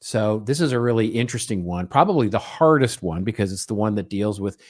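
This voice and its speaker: A man's voice: lowish voice, expressive, a little fast. A middle-aged man hosting a podcast alone, talking in a conversational way, tagging his points with "right?" and acting out little quoted exchanges. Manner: conversational, frequent "right?" tags, acts out small quoted exchanges. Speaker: podcast co-host. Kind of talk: solo podcast monologue.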